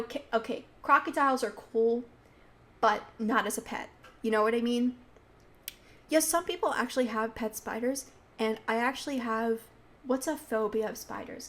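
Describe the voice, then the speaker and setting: Teen girl host, bit high voice, giggly chatty monologue, loose casual delivery. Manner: chatty, giggly, animated storytelling with many fillers. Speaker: podcast host.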